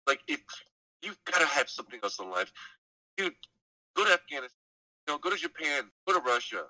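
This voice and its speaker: Guy going off on a swear-heavy rant on a podcast, sharp bright voice, mic kinda far off. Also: a little high, very animated, brisk, no room sound. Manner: profane, heated, sarcastic ranting. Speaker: podcast co-host. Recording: dry, distant mic.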